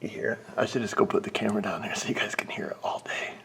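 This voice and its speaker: Joking mechanic talking through a repair. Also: male voice, fairly low pitch, quick pace, vocal fry, a bit bright. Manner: joking, rambling, talks to himself while working; drops to a whisper up close. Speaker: auto mechanic. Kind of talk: casual work narration. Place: auto repair shop bay.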